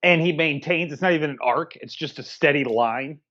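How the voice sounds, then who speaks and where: A man's voice: on the high side, brisk, a bit bright, dull audio. A man co-hosting a casual movie review, ranting crudely and with emphasis. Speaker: movie review podcast co-host.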